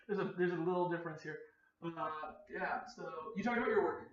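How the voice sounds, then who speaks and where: A man hosting a podcast in casual chat, telling funny work stories and acting out the people in them. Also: high voice. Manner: fast joking storyteller, acts out quoted customers. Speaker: podcast host. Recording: echoey room, dull far mic.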